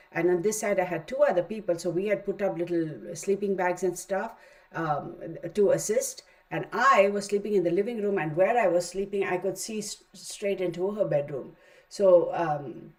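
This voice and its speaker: Her voice is on the low side and a little mellow. She's the middle-aged, Texan-accented host of a tarot stream, casually telling a lengthy story packed with fillers.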